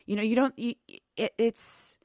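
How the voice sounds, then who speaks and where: A woman hosting an interview, asking thoughtful, halting questions. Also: a little high, steady tone, darkish tone, no room sound, clean studio sound. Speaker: podcast host. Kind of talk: conversational interview.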